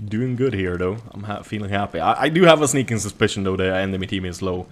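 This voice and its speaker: A man's voice: on the low side, fast. Swedish-accented man calling a shooter game. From Jämtland, Sweden. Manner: casual, swears a lot, laughs often. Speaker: gaming commentator. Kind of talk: live gameplay commentary.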